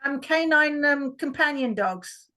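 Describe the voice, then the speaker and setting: A woman's voice: sits high, lively intonation, a little slow, bright, forceful tone, low-quality recording. A woman, a workshop participant, chattily telling a story about her dog on a video call. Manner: chatty, with restarts.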